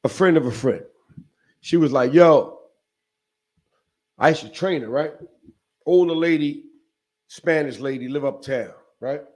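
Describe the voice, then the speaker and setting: A man with a notably high voice tells a story in a relaxed podcast conversation. He is animated and streetwise, with salty language. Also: measured pace, long pauses. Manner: animated, profane, streetwise, acts out quotes. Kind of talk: casual storytelling chat.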